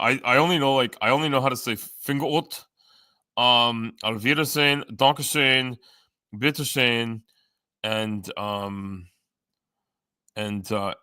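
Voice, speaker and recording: Pushed and bright, a man's mid-range voice comes through clean studio audio with no echo. He's on a live stream reading chat and answering it, joking around, cursing frequently, using many fillers, and skipping from one topic to the next.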